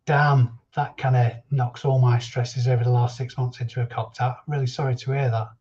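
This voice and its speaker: Jokey stream host reading chat names, mellow voice, slightly muffled home recording. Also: male voice, medium pitch, little pitch movement, moderate pace. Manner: chatty and jokey, reading viewer names aloud. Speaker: reseller livestream host. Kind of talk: casual live-stream chat.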